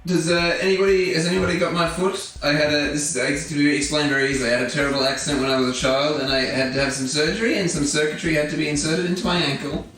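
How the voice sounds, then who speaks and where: A man playing a tabletop game in a deadpan, joking way. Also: fairly high pitch, fast talker, hardly any pauses, very echoey, far from the mic, low-quality recording. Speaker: player.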